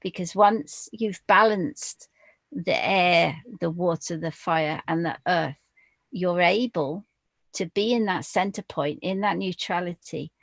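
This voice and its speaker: A woman talking slowly and deliberately as a guest in a spiritual podcast conversation. Her lowish voice has a gravelly fry. She pauses often, with fillers between her phrases. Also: no room sound. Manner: slow, deliberate, hesitant with fillers.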